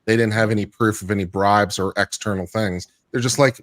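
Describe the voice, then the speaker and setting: A man's voice: on the low side, steady tone, a little fast, a bit bright, no room sound. A man on a livestream panel explaining a legal case in a thoughtful, casual way, with frequent fillers and restarts. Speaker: legal commentator and panel guest.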